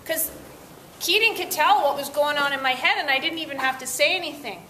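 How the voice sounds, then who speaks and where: Woman presenter, upbeat, questions to a teen class, bright voice, echoey classroom. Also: high-pitched, lively intonation, fairly quick. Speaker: workshop presenter. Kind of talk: interactive talk to teens. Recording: echoey room, faint noise.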